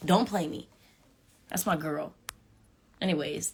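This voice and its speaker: A young woman chatting casually with fans on a live stream, animated and sassy, talking straight to her viewers. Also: lowish voice, normal speed. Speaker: reality show contestant on a live stream. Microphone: phone.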